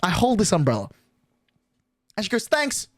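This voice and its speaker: A male streamer rambles through a story, packing every sentence with fillers and swear words. His pitch jumps around lively. The sound is dry and close. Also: moderate pace, dry recording.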